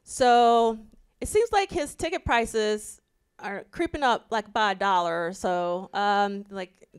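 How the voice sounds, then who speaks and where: Woman, alabama accent, smooth resonant voice, chatty host reading clippings aloud, mid-range pitch. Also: slow pace. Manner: chatty, reads press clippings aloud with asides. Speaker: podcast host. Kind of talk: casual discussion with reading aloud. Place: live symposium event.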